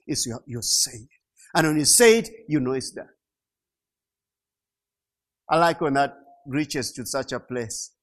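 A middle-aged man preaching a sermon, slow and emphatic, repeating key phrases and rising to loud peaks. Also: mid-range voice. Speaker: pastor.

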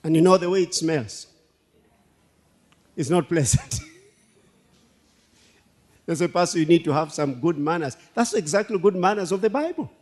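A man preaching a sermon as pastor, animated, laughing and repeating himself for emphasis. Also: on the high side, normal speed, long pauses. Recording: long hall reverb.

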